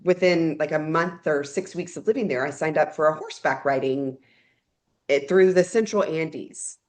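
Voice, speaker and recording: A young woman from Texas, a podcast guest, telling animated stories about her life and laughing often. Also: sits low, moderate pace. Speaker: guest, corporate event planner. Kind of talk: casual storytelling chat.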